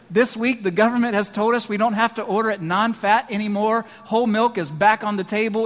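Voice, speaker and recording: Man, pastor, sermon, high voice, emphatic delivery, long hall reverb. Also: a bit bright. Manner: emphatic preaching, slows down on key lines. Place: church sanctuary.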